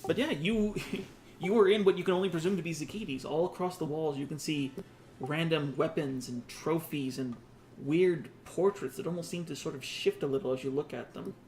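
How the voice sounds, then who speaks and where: Guy running a tabletop rpg, kinda high voice, describes stuff and goes on little tangents. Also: moderate pace, a little mellow, a little hiss or hum. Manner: descriptive, with asides and restarts. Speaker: game master. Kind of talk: narrating a tabletop game.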